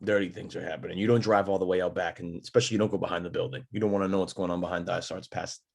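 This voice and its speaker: A man's voice: low-pitched, fairly even intonation, rapid-fire, vocal fry, darkish tone. Slangy young male podcast host. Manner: laid-back, slangy and joking. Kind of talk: casual chat.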